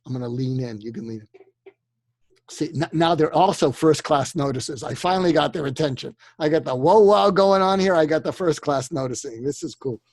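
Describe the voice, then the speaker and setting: An older man giving persuasion advice in a relaxed interview, acting out the lines he suggests people say in a calm, coaching way. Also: a little high, brisk, dry recording. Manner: acts out quoted dialogue in a calm coaching tone. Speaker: guest expert on persuasion.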